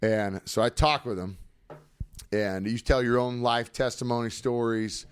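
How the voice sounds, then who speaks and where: A man's voice: medium pitch, unhurried, smooth. A man, a former football player, telling stories energetically in a casual podcast chat. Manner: energetic, animated storyteller with lots of fillers.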